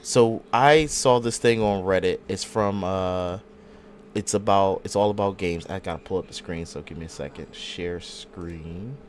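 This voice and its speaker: A man's voice: sits low, unhurried, slight background noise. A man hosting a casual gaming podcast, telling stories in a laid-back, slangy way. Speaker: podcast host.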